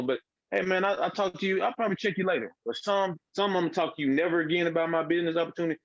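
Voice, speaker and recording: A man with a mid-range voice talks casually, rambling and halting in a folksy way. His voice comes through a dry, dull, lo-fi line. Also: fairly high pitch, expressive, no echo. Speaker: team member sharing on a call. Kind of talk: casual chat.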